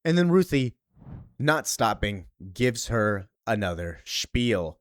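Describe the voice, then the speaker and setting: Male comic reviewer, animated and casual, with a dry recording. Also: medium pitch, slow, dry recording.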